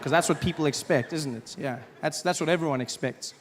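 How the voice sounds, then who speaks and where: A South African man doing stand-up comedy on a large theater stage, animated and quick to jump into character voices. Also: fairly high pitch, very noisy. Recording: live theater hall with crowd laughter.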